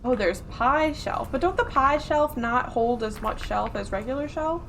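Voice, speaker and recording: A woman from Upper Michigan with a Yooper accent, chatting casually as a streamer while gaming. Her words sound round, her consonants are soft, and she rambles and laughs often. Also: high voice, expressive, moderate pace, a little hiss or hum. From Upper Michigan, USA. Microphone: close desk mic.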